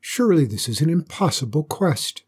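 A man's voice: a little high, big pitch swings, normal speed, darkish tone, husky, voice pushed up, full character voice. A man voicing a brave young girl who is to become empress, earnest and resolute, in a storybook reading. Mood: determined.

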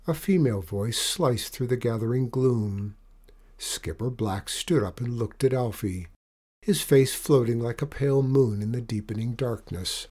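A man narrating a storybook in an expressive, dramatic reading. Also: mid-range voice, a little slow, breathy edge.

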